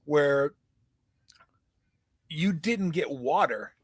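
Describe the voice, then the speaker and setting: A middle-aged male host muses in a relaxed backyard chat, laughing easily. His voice sits a little high, and the sound is dry and close. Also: very slow, dry recording. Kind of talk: casual chat. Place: backyard outdoors.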